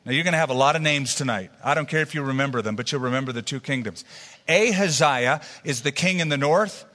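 Bright-voiced man preaching in a reverberant hall. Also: medium pitch, quick pace. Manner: conversational Bible teaching with asides to the congregation. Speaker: pastor. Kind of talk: sermon.

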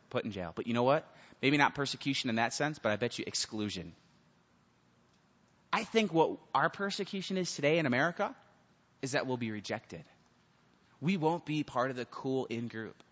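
A man preaching a sermon to teens as a youth pastor, acting out the people in his stories. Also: medium pitch. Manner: animated storytelling, acts out the people in the story. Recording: muffled sound with long hall reverb.

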